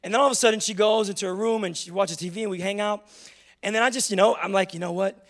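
A man's voice: high voice, fairly even intonation, fast. A young adult man preaching a sermon in church, telling funny, confessional stories to make his point. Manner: humorous, confessional storytelling. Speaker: pastor.

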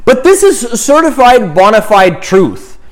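Male priest, young adult, casual sermon, high voice, very animated, conversational fillers. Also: a little slow. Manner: chatty, filled with "right?" and "you know". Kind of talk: informal sermon on prayer.

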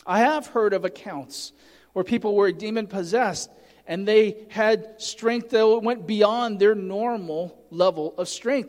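A man's voice: high-pitched, big-room sound. A man preaching a sermon, earnestly teaching and reading scripture aloud with emphasis. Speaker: pastor.

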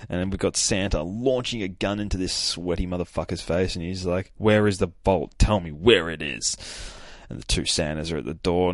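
A man's voice: sits low, dry recording, studio quality. A hungover young man hosting a podcast, recapping a comic in a rambling, profane, casual way with lots of fillers. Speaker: podcast host.

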